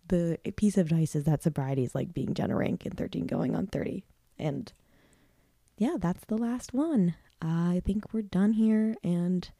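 Talking alone on her podcast, this woman in her 20s has a low-pitched, dark voice recorded with no room sound. Her heartfelt, rambling speech is packed with "like" and restarts, and at moments she comes close to crying.

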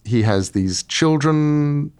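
A middle-aged man, an author being interviewed, telling stories in a lively way and acting out quotes. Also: on the high side, slow pace, clear, resonant tone. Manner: lively storyteller, acts out quotes. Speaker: author guest. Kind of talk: casual interview talk.

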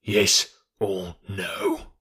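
A man voicing a desperate, enraged blackmailer in an audiobook, slow and defiant in his speech. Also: sits low, huge pitch swings, bright, forceful tone, husky, full character voice. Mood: threatening. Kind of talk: audiobook character reading.

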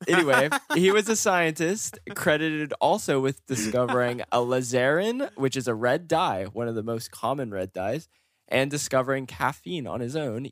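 A man's voice: medium pitch, a bit bright, dry recording, studio quality. A man co-hosting a casual podcast, reading history notes loosely and laughing often. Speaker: podcast co-host.

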